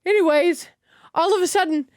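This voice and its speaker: Young woman, high voice, dry close sound, profane animated storytelling. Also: normal speed, no echo. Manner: animated, swearing freely, laughing often. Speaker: streamer telling a story. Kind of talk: casual storytelling.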